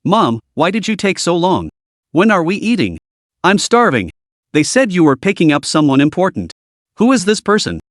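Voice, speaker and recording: Storybook recap: man reading a flippant, spoiled teenage young master, lively and fairly high-pitched. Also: moderate pace, dry recording, clean studio sound. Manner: plain storytelling read, little change of voice. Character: spoiled rich teenage boy, flippant and rude.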